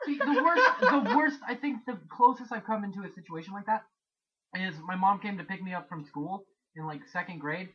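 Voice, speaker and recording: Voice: medium pitch, sing-song, moderate pace, a bit bright, breathy edge. A podcast panelist telling a story in a blunt, joking way during a casual chat, on a dull lo-fi recording.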